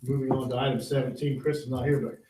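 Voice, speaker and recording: A man's voice: medium pitch, flat delivery, quick pace. A man chairing a school board meeting, speaking in a plain, procedural way. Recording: echoey room, distant mic, faint noise.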